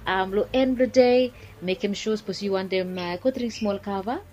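A woman's voice: mid-range voice, moderate pace, a little mellow, muffled recording, faint music behind. Ni-Vanuatu woman hosting a health chat. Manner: plain, conversational, sums up points. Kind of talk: casual health talk.

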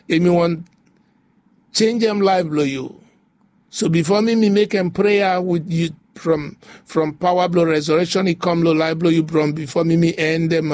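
A man's voice: high-pitched, darkish tone, no echo. A man preaching a devotional sermon, repeating phrases in a rhythmic, rising way. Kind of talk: devotional sermon in pidgin English.

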